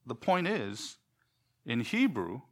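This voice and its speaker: A man's voice: mid-range voice, big pitch swings, slow. A man teaching a Bible lesson, explaining words emphatically and repeating himself as he thinks.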